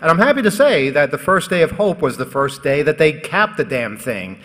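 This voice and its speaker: A man's voice: fairly high pitch, sing-song, moderate pace, a bit bright. A man moderating a live conference panel, casual and joking as he rallies the audience. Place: conference hall stage. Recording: echoey hall with faint crowd.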